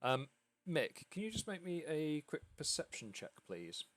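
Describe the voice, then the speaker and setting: A man's voice: a little high, big pitch swings, moderate pace, a bit bright, dry recording. A man from the UK narrating a tabletop game as game master, in a loose, rambling way with many fillers. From United Kingdom.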